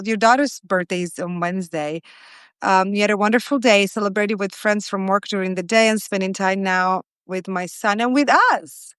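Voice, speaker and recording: A woman's voice: medium pitch, smooth, dry recording. A woman in her forties hosting a casual live stream, greeting viewers by name and chatting as she cooks. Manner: chatty, warm greetings to viewers, frequent restarts. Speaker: host of a live cooking stream.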